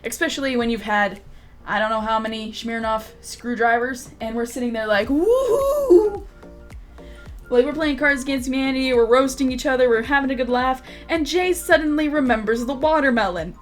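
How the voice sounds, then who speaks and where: Young woman, vlogger, higher voice, casual storytelling, laughing and swearing, faint music underneath. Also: a little fast. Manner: laughing, swearing, rambling anecdote.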